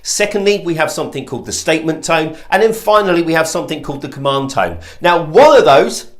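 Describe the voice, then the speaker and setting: A man giving an emphatic lesson on sales calls, stressing key words and demonstrating voice tones. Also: fairly high pitch. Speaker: sales trainer. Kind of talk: instructional talk to camera.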